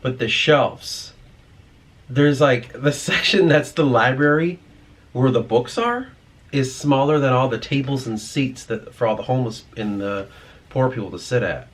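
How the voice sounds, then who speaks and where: A man's voice: medium pitch, animated, unhurried. A man vlogging in a rambling, profane, ranting monologue.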